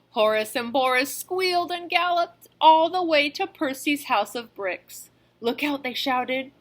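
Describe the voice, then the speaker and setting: A woman reading a children's storybook aloud in an expressive, animated way, as a teacher. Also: high voice.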